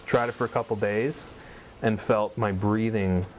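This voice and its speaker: A man interviewed for a documentary, chatting casually and telling his story with lively, animated delivery. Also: lowish voice, a little slow, slight background noise, poor audio. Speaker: former coworker interviewee.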